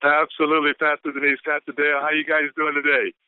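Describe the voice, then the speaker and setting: A man's voice: fairly high pitch, completely flat delivery, fast talker, smooth, dry recording. A man giving an exuberant, repetitive motivational pep talk on a business conference call, whooping often. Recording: tinny phone line.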